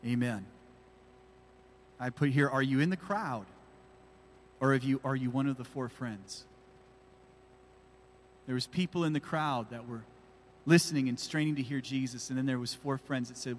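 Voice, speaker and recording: A man's voice: mid-range voice, normal speed, long pauses, a little hiss or hum. A man preaching a sermon as pastor, pressing his point with emphatic, repeated rhetorical questions. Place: church. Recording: reverberant church hall.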